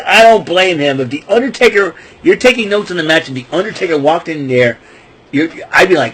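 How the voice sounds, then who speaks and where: A man's voice: a little high, lively intonation, a little fast, fairly bright tone, low-quality recording. A man hosting a podcast, casually retelling wrestling events in a loose, rambling way with lots of fillers and restarts. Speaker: podcast host.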